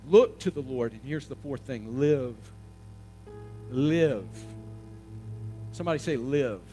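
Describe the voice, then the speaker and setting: A man preaching a sermon, asking the congregation questions and swelling to loud emphatic peaks. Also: a little high. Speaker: pastor.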